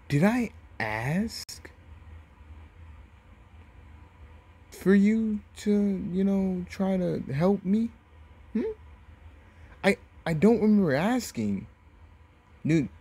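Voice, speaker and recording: A man voicing an arrogant, menacing young male ninja in a casually told fan story, with slow, taunting, drawn-out threats. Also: on the low side, slightly rough. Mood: mocking.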